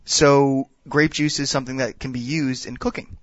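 A man appearing as a guest expert, explaining wine and whiskey in a casual, halting way. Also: mid-range voice, fairly even intonation, dry recording. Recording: dull, dry sound.

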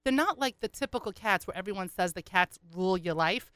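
A woman voicing a doting mother in her sixties who talks slowly and matter-of-factly. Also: mid-range voice, animated, fairly bright tone, clean tone, no echo, lightly acted. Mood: insistent. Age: 60s. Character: doting older mother, slow and unbothered.

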